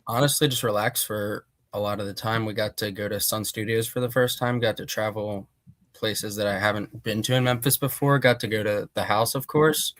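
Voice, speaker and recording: Young male guest from Pennsylvania, lowish voice, dry close sound, easygoing storyteller. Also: steady tone, moderate pace, a bit bright, no room sound. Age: young adult. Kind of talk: casual interview answers.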